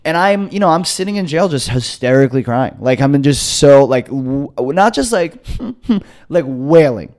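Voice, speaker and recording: A young man co-hosting a comedy podcast, telling a story in a casual, animated way and acting out the voices of the people in it. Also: medium pitch, moderate pace, hardly any pauses. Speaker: podcast co-host.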